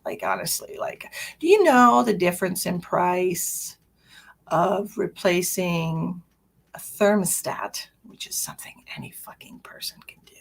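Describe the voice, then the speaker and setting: A woman's voice: lowish voice, big pitch swings, measured pace, vocal fry. A woman hosting a psychic livestream, chatting casually, ranting with swearing and answering viewer comments.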